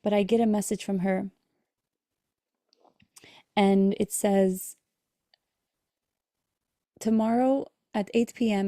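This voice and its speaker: A woman's voice: medium pitch, vocal fry, warm tone, no echo, studio quality. A woman hosting a podcast, telling an emotional personal story in an earnest way and acting out the dialogue in it. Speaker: podcast host and breathwork coach.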